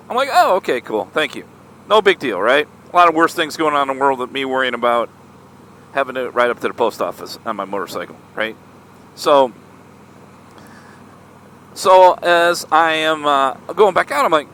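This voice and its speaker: An animated man tells a story in a bright, lively voice that swings up and down as he talks. He is chatty and keeps checking in with his listener. Faint traffic noise hums in the background outdoors. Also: on the high side, fairly quick. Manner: animated, chatty, lots of "right?" asides. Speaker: motorcycle vlogger. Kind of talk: casual storytelling vlog.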